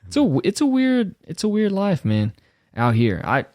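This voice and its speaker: A man's voice: high voice, wildly swooping pitch, normal speed, darkish tone, dry recording, clean studio sound. A man in his thirties hosting a podcast, chatting casually, laid-back, often saying "man" and "dude" and laughing. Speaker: podcast host. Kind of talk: casual chat.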